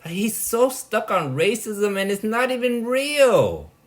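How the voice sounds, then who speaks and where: Man, vlog monologue, slow and rambling, pitch jumps all over, blunt and dismissive. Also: very animated. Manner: dismissive, repeats "right?" and "like"; blunt, exasperated. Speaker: vlogger.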